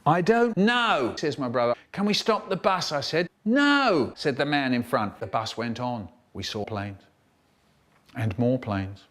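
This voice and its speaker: This storyteller speaks in a mid-range voice at a measured pace. He's lively as he recounts funny childhood tales, mimicking how each character talked, in a remixed piece of comic storytelling.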